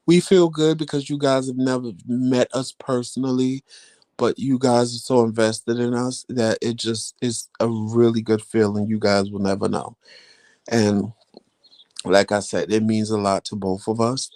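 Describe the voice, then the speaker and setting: A man's voice: medium pitch, warm tone, no echo. A man chatting casually to his viewers, telling a story and acting out the voices of the people he quotes. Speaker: vlogger.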